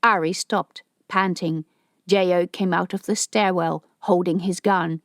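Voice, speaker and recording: A woman narrating a science fiction audiobook in a steady, even storytelling voice. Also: fairly low pitch, unhurried, no room sound, studio quality.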